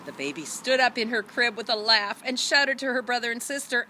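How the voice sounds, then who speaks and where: A woman reading a storybook aloud for children, animated, with high voices for each animal. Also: normal speed, hardly any pauses. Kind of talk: read-aloud storybook narration.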